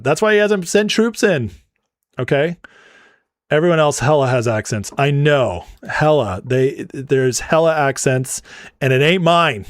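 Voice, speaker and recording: A man's voice: medium pitch, no echo, studio quality. A man from Northern California hosting a livestream. He reads out viewer comments and answers them with playful, mock-indignant teasing. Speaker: livestream political commentary host. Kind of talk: casual livestream chat reading viewer comments.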